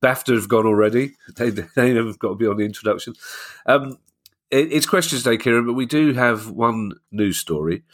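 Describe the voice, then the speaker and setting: A man's voice: mid-range voice, moderate pace. A man hosting a podcast, chatting casually and wryly reading out listener questions. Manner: wry, joking, reads listener questions. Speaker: podcast host. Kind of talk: casual chat.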